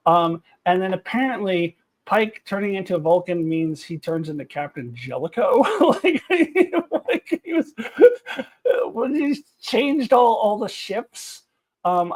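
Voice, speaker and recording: A woman reviewing TV episodes to camera, ranting in an exasperated, animated way with frequent laughter and swearing. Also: fairly low pitch. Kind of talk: unscripted review rant to camera.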